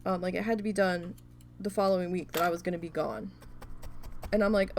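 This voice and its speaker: Gravelly-voiced woman venting casually. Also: fairly low pitch, brisk, long pauses, slight background noise. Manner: animated, profane venting with quoted dialogue. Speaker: craft video host. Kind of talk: casual storytelling while crafting.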